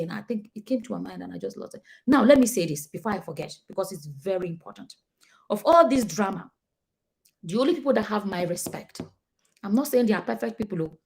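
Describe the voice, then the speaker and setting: A woman's voice: mid-range voice, animated, quick pace, vocal fry, darkish tone. A woman with a Nigerian accent giving casual, emphatic commentary to her viewers, acting out the people she quotes. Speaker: vlogger.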